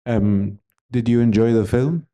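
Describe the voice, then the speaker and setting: A man interviewing an author onstage, asking measured questions with slight hesitations. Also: mid-range voice, warm tone. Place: festival stage before an audience.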